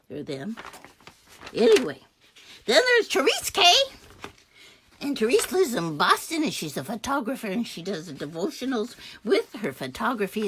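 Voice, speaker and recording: Husky, lively-voiced chatty woman host. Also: medium pitch. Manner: chatty and gushing, stops to correct herself; jokey asides. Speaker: host reviewing a devotional anthology. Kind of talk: casual chat.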